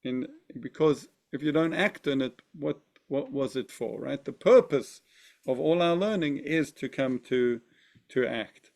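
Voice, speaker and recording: A man's voice: medium pitch, measured pace, creaky, a little mellow. A man teaching a text study class, thinking aloud and often checking in with his listeners. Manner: thoughtful, often asks "right?".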